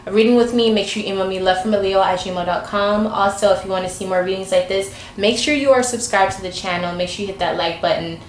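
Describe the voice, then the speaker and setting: A woman's voice: mid-range voice, fairly even intonation, fast talker, hardly any pauses. A woman giving a casual, informal tarot reading to camera, chatty and talking straight to the viewer. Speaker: tarot reader. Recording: echoey room, faint background noise.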